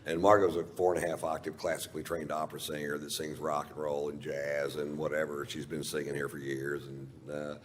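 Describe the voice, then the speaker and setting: Deep-voiced man telling a profane stand-up story. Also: little pitch movement, fairly quick, hardly any pauses, slight background noise. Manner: profane, drawling, laid-back storytelling. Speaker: stand-up comedian. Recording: live stage recording in a reverberant hall.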